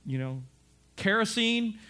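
A man preaching a sermon, telling the story in an animated way, acting out voices and rising to shouts. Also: sits high, slow. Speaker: pastor.

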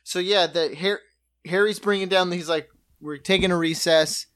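A man's voice: sits high, normal speed, no echo, clean studio sound. A man co-hosting a podcast, casually recapping a sitcom episode, acting out lines and laughing often. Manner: relaxed storyteller, acts out quotes, laughs often. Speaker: podcast co-host.

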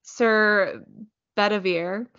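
Casting: woman podcast co-host, bright crisp voice, chatty and rambling, muffled lo-fi audio. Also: mid-range voice, steady tone, very slow. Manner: chatty, trails off and restarts. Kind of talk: casual chat.

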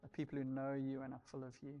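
A man leading communion at the close of a sermon, speaking in an even, earnest way. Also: mid-range voice, fast talker, lo-fi sound. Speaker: pastor.

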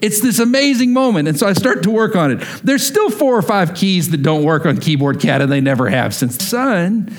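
A male pastor from Texas delivers a sermon as an animated story, slipping into the voices of his family as he goes. His voice sits a little higher than most men's. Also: moderate pace, hardly any pauses.

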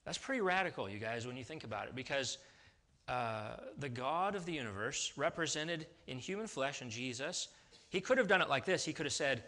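A man's voice: medium pitch, lively intonation, fairly quick, bright, forceful tone. A man preaching a sermon in a casual, conversational way, with restarts and sudden emphatic rises. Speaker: pastor.

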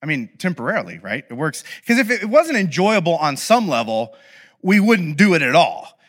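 A man with a high, bright voice delivers a sermon built on humorous, self-deprecating stories. He talks in an animated way to an audience, and his words trail off into the long reverb of a big hall. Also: normal speed.

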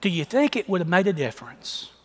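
A man's voice: high-pitched, sing-song, a little fast. A man preaching a sermon, emphatic, often repeating his phrases for emphasis. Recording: long echo of a large hall.

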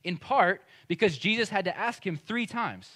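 A male pastor speaks in a fairly high voice. He preaches in a loose, conversational way and hits his points with emphasis. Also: lively intonation, moderate pace, a bit bright. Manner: conversational and emphatic, acting out quoted speech. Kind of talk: sermon.

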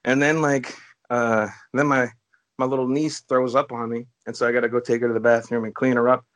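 A relaxed man co-hosting a casual chat podcast. He strings his thoughts together with constant "like"s and casual swearing, at an ordinary middle pitch. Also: fairly quick. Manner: laid-back, heavy on "like", frequent swearing. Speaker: podcast co-host.

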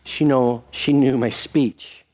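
A man's voice: medium pitch, takes it slowly. An older man preaching a sermon as pastor, telling a story with acted-out quotes and leading a prayer. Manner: animated storytelling with voiced quotes, then soft prayer.

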